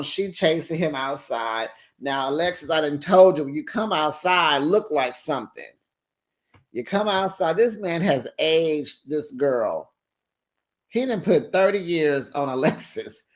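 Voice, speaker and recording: A sassy host recapping a reality show in a breezy, gossipy way, calling viewers honey and girl. The voice sits in a middle register and the talk stays lively and opinionated throughout. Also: mid-range voice. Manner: talks in a breezy, chatty way. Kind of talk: casual gossipy TV recap commentary.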